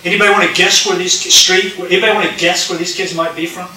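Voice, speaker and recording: A man's voice: high voice, fast talker, soft background music. A man preaching a sermon, telling a story and acting out its dialogue to the congregation. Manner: animated, acts out dialogue, addresses congregation. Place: church sanctuary. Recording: roomy sound from a distant mic.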